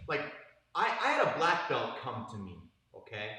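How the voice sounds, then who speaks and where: A man's voice: mid-range voice, sing-song, normal speed, sharp tone. Man coaching in a very echoey gym. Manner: casual coaching talk full of fillers. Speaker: jiu-jitsu instructor. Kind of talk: live instructional stream. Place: gym mat room. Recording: very echoey room, voice far from mic.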